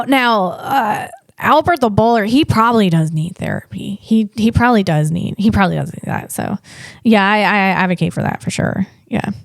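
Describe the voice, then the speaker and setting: A woman's voice: on the high side, no echo, studio quality. A woman hosting her own podcast as a comedian, ranting in a playful, teasing way with lots of restarts. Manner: rambling, jokey ranting with frequent restarts. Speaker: podcast host and stand-up comedian. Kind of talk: casual solo podcast monologue.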